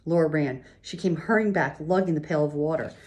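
A woman reading a children's chapter book aloud, gently pausing to show pictures. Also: low voice. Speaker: reader.

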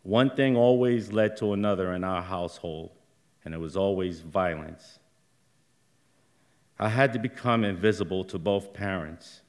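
A middle-aged man's voice sits low as he tells a personal story live on a theater stage, slow and hesitant in delivery, with occasional flare-ups.

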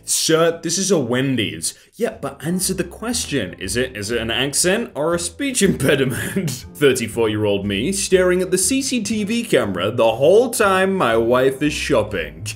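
A man's voice: medium pitch, sing-song, normal speed, hardly any pauses, faint music behind. A man in his thirties doing casual meme commentary, reading captions aloud, then joking and laughing often. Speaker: meme reaction host.

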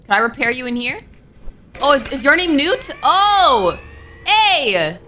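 Commenting on her own gameplay, a young woman streamer mutters to herself and startles with nervous outbursts over game music. Her voice is high and sharp, with big pitch swings and an unhurried pace, against slight background noise.

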